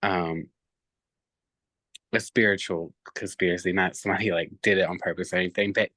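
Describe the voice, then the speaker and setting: A man with a lowish, bright, forward voice tells a personal story as a podcast guest. He talks in an animated way, filling gaps with "like" and "um" and acting out what others said. The sound is close and dry. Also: brisk, dry recording. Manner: animated, many fillers and reported speech.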